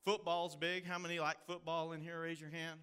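A man's voice: a little high, level tone, brisk, a bit bright, clear, resonant tone. A man from the Texas hill country with a Texan accent, preaching a sermon as pastor in folksy storytelling style. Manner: folksy storytelling with drawled phrases.

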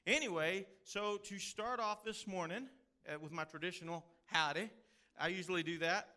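Preaching with a high, bright, forceful voice at normal speed, a Texan-accented pastor from the hill country spins his sermon as folksy storytelling. He drawls his phrases as he goes.

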